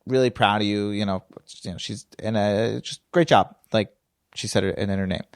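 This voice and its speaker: A man's voice: lowish voice, fairly quick, dry recording, studio quality. Wry man, comedian guest. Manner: wry, self-deprecating anecdotes. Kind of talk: casual chat.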